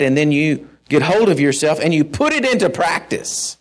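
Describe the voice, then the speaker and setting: A middle-aged man preaching a sermon in a folksy, animated way, with asides to the congregation. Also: high-pitched, normal speed, few pauses. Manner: folksy, animated, with asides and shouted mock-rants. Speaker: pastor.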